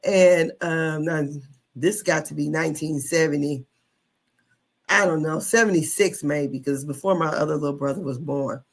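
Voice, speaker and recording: A woman in her fifties telling a childhood story in a casual monologue, animated, with slang, cursing and frequent laughter. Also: low-pitched, normal speed. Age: 50s. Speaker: online commentator.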